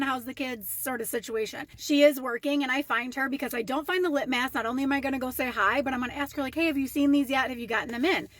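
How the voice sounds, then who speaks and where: Chatty high-voiced woman telling a story. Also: no room sound. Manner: chatty, animated, indignant. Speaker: storytime vlogger. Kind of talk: casual storytime rant.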